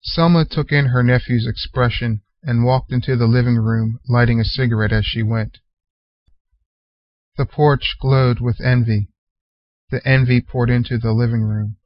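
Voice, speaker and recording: A man reading a short story aloud in a measured way. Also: mid-range voice, steady tone, dry recording. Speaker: narrator. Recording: dull lo-fi sound.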